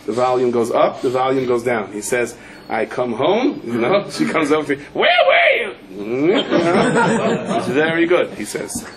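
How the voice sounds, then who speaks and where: Rabbi telling jokes in a sermon. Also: male voice, moderate pace, a crowd in the background, poor audio. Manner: storytelling, jumps to high pitch for quoted voices; uses Yiddish and Hebrew words. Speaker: rabbi giving a Torah talk. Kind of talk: humorous sermon with anecdotes.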